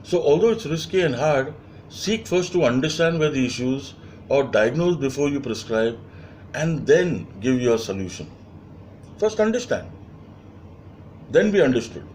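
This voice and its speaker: A man's voice: medium pitch, expressive, measured pace, pauses often, a little mellow, slight background noise. A man lecturing as a leadership trainer, emphatic and repeating key phrases, with frequent fillers.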